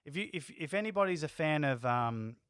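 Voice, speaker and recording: Male livestream co-host, slightly raised pitch, dry close sound, emphatic and argumentative. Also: lively intonation, a little fast, a bit bright, clear, resonant tone, no echo. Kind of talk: casual livestream chat.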